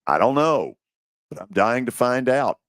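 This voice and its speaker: Slow-talking man hosting sports radio. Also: mid-range voice, no echo, studio quality. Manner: relaxed, unhurried, drawn-out phrasing with pauses. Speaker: radio show host. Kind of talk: casual sports talk.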